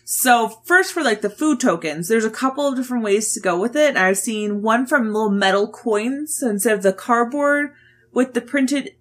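A woman's voice: fairly high pitch, lively intonation, moderate pace. Chatty woman explaining game upgrades. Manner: explanatory, rambling with many "like"s. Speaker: board game podcast co-host. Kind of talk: casual chat.

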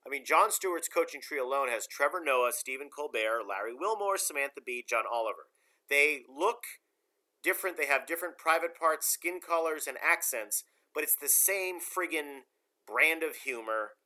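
A man's voice: on the high side, lively intonation, moderate pace, pushed and bright. A man hosting a casual talk show, giving emphatic, rambling opinions.

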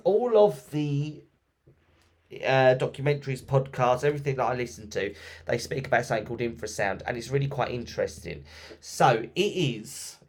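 A man hosting a podcast, retelling ghost stories in a chatty, lively way with plenty of ums and restarts. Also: mid-range voice, moderate pace. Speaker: podcast host. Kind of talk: casual storytelling podcast.

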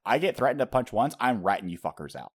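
A man's voice: mid-range voice, very animated, quick pace. A man hosting a casual podcast chat, profane and laughing often, acting out quotes as he talks. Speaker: podcast host.

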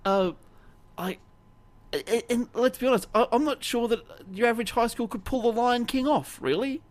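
A man's voice: extremely high pitch, normal speed. A man co-hosting a casual chat, rambling with many restarts and laughs. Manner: rambling, self-interrupting, laughs often. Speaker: podcast co-host.

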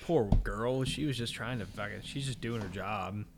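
A man's voice: fairly low pitch, moderate pace, a crowd in the background. A man co-hosting a podcast, telling a story in casual, profane chat and mimicking people in it. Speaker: podcast co-host.

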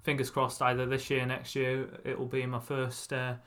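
A man's voice: mid-range voice, completely flat delivery, moderate pace, a bit bright. A man co-hosting a podcast, talking casually with frequent restarts. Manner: chatty, stumbling restarts. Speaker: podcast co-host.

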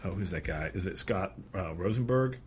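A man's voice: low voice, expressive, moderate pace, a little hiss or hum. A man from Erie, Pennsylvania, chatting casually as a podcast co-host, meandering and searching for his words. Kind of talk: casual chat about movies.

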